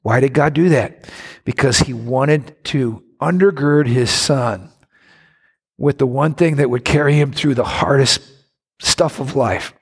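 A man's voice: a little slow, vocal fry, husky. A man preaching a sermon to a congregation, with dramatic rises and drops in his delivery. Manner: dramatic, rising to high voices for quoted mockers. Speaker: pastor. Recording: reverberant hall.

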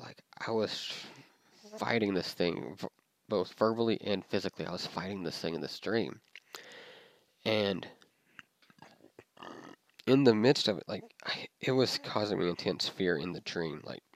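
A man's voice: fairly low pitch, creaky, dry recording. A young man telling a personal story in a casual, rambling way, with many fillers and restarts.

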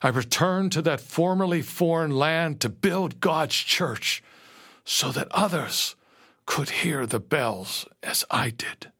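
A man narrating a first-person story slowly and earnestly, dropping to a hush at moments. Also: fairly high pitch, animated, slightly rough. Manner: slow, earnest storytelling with quiet hushed moments.

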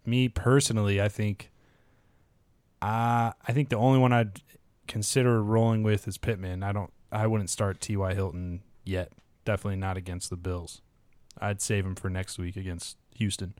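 A man with a low, smooth, clear voice talks through matchups in a steady, measured way. He sounds close to the microphone in a dry, dead room. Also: no room sound. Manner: steady, reads odds and injury news in a measured way. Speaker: fantasy football podcast co-host. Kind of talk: casual podcast chat.

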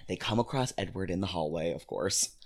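A woman's voice: very deep voice, fairly quick. A young woman co-hosting a casual book discussion, making wry, matter-of-fact comments. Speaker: podcast co-host.

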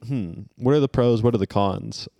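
A man in his twenties co-hosts a podcast with deadpan wisecracks. His voice is low and gravelly. The sound is close and dry. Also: normal speed, no room sound. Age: 20s. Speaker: podcast co-host. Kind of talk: casual banter.

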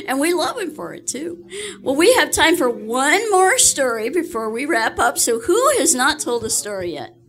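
Woman host, high voice, bright tone, chatty and laughing. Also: very animated, normal speed. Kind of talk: casual storytelling.

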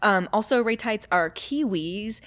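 A young adult woman co-hosting a casual podcast chat, explaining animal facts excitably with frequent laughs. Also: medium pitch, unhurried, no room sound. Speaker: podcast co-host.

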